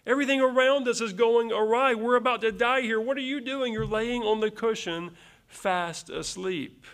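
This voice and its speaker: A man voicing panicked male disciples who shout at their sleeping teacher in a storm-tossed boat, frantic and half-rebuking. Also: very high voice, normal speed, voice pushed up.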